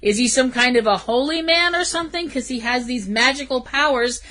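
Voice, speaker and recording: A woman with a fairly high voice co-hosts a casual movie review chat. She rants with emphatic exasperation. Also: fairly quick, fairly bright tone. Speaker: podcast co-host.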